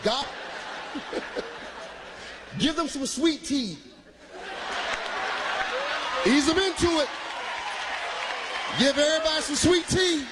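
A man doing a stand-up routine, working the crowd loudly with shouts and laughter. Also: extremely high pitch, slow pace, long pauses. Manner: loud, animated, bursts of shouting and laughter. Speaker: stand-up comedian. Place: live comedy venue. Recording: live crowd and room noise.

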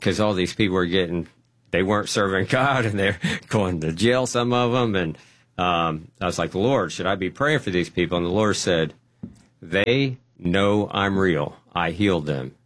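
Male guest, low-pitched, telling a story with lively voiced quotes. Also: moderate pace. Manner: animated, acts out dialogue. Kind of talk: testimony storytelling.

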